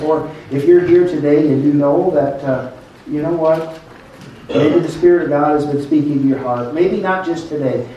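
Older male pastor preaching, dark mellow voice, far from the mic, echoey church. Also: mid-range voice, muffled recording, slight background noise. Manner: preaching, calls on the congregation, slows down for emphasis. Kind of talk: sermon.

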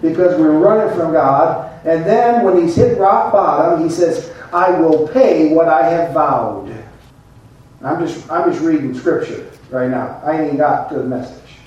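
A man's voice: on the high side, moderate pace, hardly any pauses, darkish tone, lo-fi sound. A man preaching a sermon as pastor, folksy and conversational, with asides to the congregation. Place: church sanctuary. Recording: echoey church from a distant mic.

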